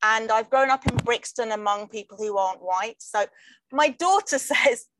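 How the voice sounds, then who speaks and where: A middle-aged English woman, a comedian, talking in a wry, jokey way with quick asides in casual conversation. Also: fairly high pitch, fairly bright tone, no room sound, low-quality recording. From England. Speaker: comedian guest. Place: London.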